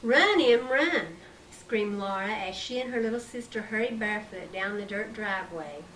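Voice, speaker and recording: A woman reading her own story aloud in a measured, expressive way, recorded on an old tape. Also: mid-range voice. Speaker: author reading her book. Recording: distant mic, faint hiss, 1990s tape.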